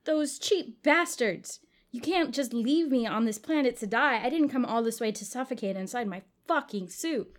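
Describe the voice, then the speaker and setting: A trapped spaceman shouts in desperate fury at the people who left him behind, as a woman reads him out. The lines come out loud and raw, like a storybook hero at the end of his rope. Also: a little high, animated, moderate pace, natural voice. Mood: angry, panicked. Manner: loud, angry outbursts. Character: desperate stranded male astronaut. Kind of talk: reading a story aloud.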